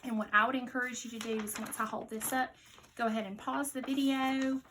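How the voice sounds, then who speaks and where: A woman teacher giving a slow spelling dictation to young children, patiently repeating each word with care. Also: a little high, steady tone, fairly bright tone, a little hiss or hum, poor audio.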